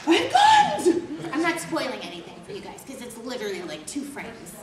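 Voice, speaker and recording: A woman's voice: mid-range voice, sing-song, fast talker, a bit bright. A woman voice actress on a convention panel, chatting casually and laughing often. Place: convention hall. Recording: echoey hall, distant mic, crowd.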